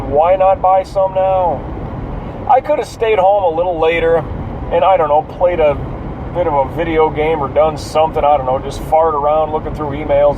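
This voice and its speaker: A man with a fairly high voice talks to himself from behind the wheel, rambling and swearing at traffic. He sounds tired and drifts from topic to topic. The recording is dull and lo-fi, with faint road noise underneath. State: yawning and tired. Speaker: vlogger. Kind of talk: casual driving monologue. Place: inside a car while driving.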